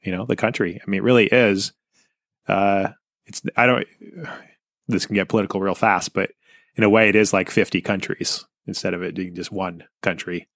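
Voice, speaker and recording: A very deep-voiced man from the Pacific Northwest hosts a podcast in an easygoing, affable way, sometimes stumbling over his first words. The sound is dry and close, with no room echo. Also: fairly even intonation, moderate pace, vocal fry, a bit bright. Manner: easygoing and affable, stammers on openings. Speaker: podcast host. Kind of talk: casual interview chat.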